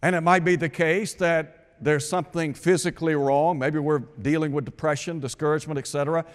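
A man delivers a sermon, posing questions to his listeners and stressing scripture lines with emphasis. His voice sits a little higher than most men's. It rings out with a long reverb, as in a large hall. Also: fairly even intonation, brisk. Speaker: preacher.

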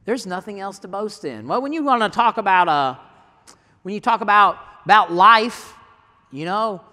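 A man's voice: high voice, animated, normal speed, bright, forceful tone, long reverb tail. A man preaching a sermon, mixing rhetorical questions with scripture reading in a folksy way. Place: church sanctuary.

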